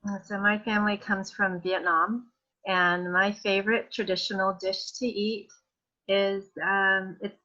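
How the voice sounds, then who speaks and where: A woman's voice: mid-range voice, level tone, a little slow, pushed and bright. A woman in an online workshop answering a question in an easygoing way. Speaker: workshop participant. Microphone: video call. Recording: dull lo-fi video call audio.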